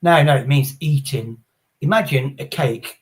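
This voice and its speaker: A man's voice: on the high side, unhurried. A middle-aged man, chatting casually on a livestream as the host, blunt, sweary and rambling. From England. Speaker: streamer. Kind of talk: casual chat. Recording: faint background noise.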